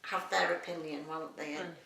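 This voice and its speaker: Middle-aged woman, interviewee, bright and gravelly, chatty, recorded in an echoey room with a distant mic. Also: low voice, steady tone, moderate pace. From England. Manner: chatty, rambling, laughs often. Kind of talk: casual interview chat.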